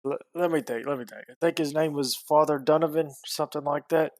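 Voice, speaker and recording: A man voicing a plain-spoken villager giving directions, halting and folksy. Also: fairly high pitch, no room sound, natural voice. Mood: helpful.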